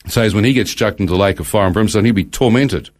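A man's voice: lowish voice, fast. A man, telling a guest's testimony in conversation, acting out his own thoughts as dialogue and quoting scripture by verse.

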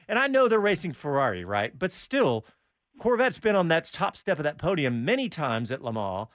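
Man, co-host, casual chat, higher voice, very animated, laughs a lot, dry close sound. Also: moderate pace, no room sound. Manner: animated, laughs often, mock-quotes others.

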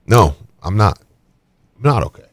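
A man's voice: lowish voice, big pitch swings, moderate pace, no echo. A man co-hosting a radio show, bantering casually. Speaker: radio co-host.

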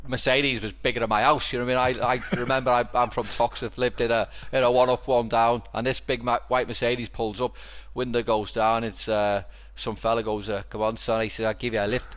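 A man's voice: medium pitch, little pitch movement, fairly quick, few pauses, fairly bright tone. Liverpudlian man telling a rambling story. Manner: rambling storyteller with many restarts. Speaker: podcast host. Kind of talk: casual chat.

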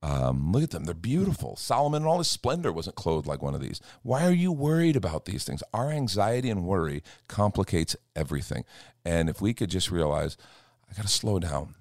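A pastor with a very low, deep voice chats in an earnest, storytelling way. He acts out little quoted exchanges as he goes, and the sound is dry and close. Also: sing-song, brisk, darkish tone, no echo. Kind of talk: casual chat. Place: church.

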